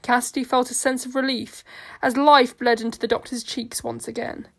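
A woman narrating a fan-made audio story in a steady, earnest reading. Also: on the high side, moderate pace, creaky.

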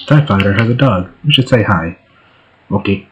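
A man's voice: lowish voice, animated, moderate pace, a bit bright, highs cut off. A man hosting a let's play, giving casual gameplay commentary in a laid-back, joking way.

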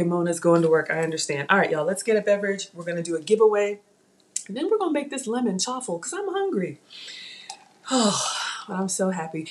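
Born in Ghana, this young woman speaks with a light Southern US accent as she hosts a cooking channel, chatting straight to her viewers while cooking on a live stream. Her slightly low voice runs in an easy, talkative flow, picked up by a tablet mic.

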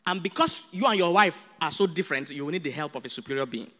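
A man with a Nigerian accent preaching a sermon as a pastor, animated and humorous. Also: fairly high pitch, fast talker, long reverb tail. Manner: animated, humorous, acts out dialogues.

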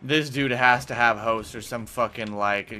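Cocky young gamer, bright voice. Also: male voice, mid-range voice, a little slow. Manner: excitable, cocky, profane trash talk; rambling with many fillers. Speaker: gaming channel host. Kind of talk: casual gameplay commentary.

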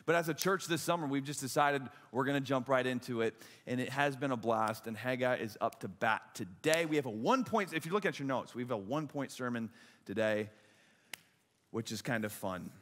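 A young adult man giving a sermon as pastor, an animated, self-mocking storyteller. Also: mid-range voice, fairly quick. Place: church auditorium. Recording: long hall reverb.

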